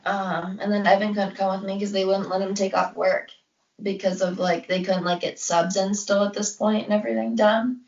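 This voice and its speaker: The young co-host's voice is mid-range and darkish, flat in delivery at a moderate pace, as she rambles casually through her story, leaning heavily on "like" and acting out quotes. It's a roomy, far-off, dull lo-fi recording.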